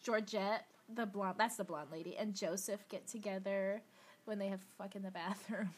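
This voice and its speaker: A woman co-hosting a casual movie podcast, recapping scenes with frequent laughs and quick acted-out lines. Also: mid-range voice. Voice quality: lively, laughs often, acts out lines in voices. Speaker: podcast co-host. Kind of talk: casual chat about movies.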